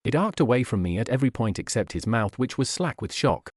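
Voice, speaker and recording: A man narrating an audiobook in an expressive, wry manner on a studio mic. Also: medium pitch, a little fast, husky, no room sound.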